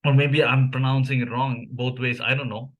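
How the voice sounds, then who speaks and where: A man's voice: medium pitch, flat delivery, normal speed. A young man from India with an Indian English accent, whose first language is Malayalam, musing casually with many fillers and restarts. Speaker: language vlogger. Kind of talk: casual commentary reviewing memes.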